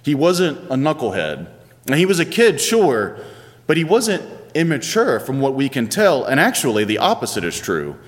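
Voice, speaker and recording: A man's voice: medium pitch, huge pitch swings, moderate pace. Male pastor, 30s, chatty storytelling sermon, long church reverb. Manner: conversational, playful storytelling with varied pace.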